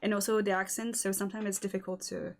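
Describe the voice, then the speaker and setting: A woman with a French accent, speaking English as a second language, hosting a casual chat and talking haltingly with many fillers and restarts. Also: medium pitch, little pitch movement. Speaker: host.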